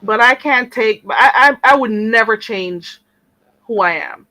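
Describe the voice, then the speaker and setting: Sharp-voiced indignant woman streamer. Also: on the high side, a little slow, no room sound, rough recording. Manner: indignant, sarcastic, mocking mimicry. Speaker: channel host. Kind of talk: live-stream rant to viewers.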